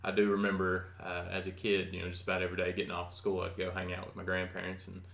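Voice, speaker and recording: A man's voice: deep voice, monotone, fast, gravelly, a bit bright, echoey room. A young man in his twenties co-hosting a casual podcast, telling stories with dry joking asides. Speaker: podcast co-host. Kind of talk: casual chat.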